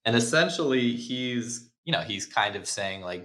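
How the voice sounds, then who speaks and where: A man's voice: medium pitch, lively intonation, normal speed, sharp tone. A man hosting a podcast, breaking down movie scenes in casual chat, laid-back, swearing and laughing often. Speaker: podcast host. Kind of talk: casual film-analysis chat.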